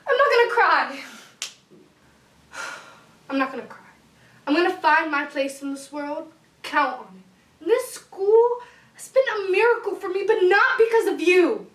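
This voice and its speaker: A woman's voice: very high voice, lively intonation, a bit bright, exaggerated voice. A young woman acting a defiant young male student from the Bronx, firing off indignant questions. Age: young adult. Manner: indignant, rapid, challenging questions. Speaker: actor. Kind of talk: stage monologue. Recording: echoey room, distant mic.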